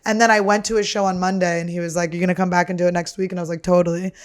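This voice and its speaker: Racing along in a fairly low voice, a woman comedian hosts her podcast with chatty, casual storytelling. She swears a lot, stays animated, and laughs through every story.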